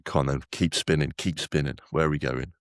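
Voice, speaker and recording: A man with an extremely deep, low voice chats casually about football as a podcast co-host. He rambles, restarts sentences and leans on fillers. The sound is dry and close. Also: steady tone, brisk, no echo.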